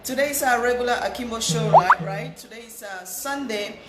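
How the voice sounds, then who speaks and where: High-voiced woman host with a cold. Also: brisk, loud music behind the voice. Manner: warm repetitive greetings, chatty. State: nasal with a cold. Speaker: livestream host. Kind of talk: live-stream greeting viewers. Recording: echoey room with faint hiss.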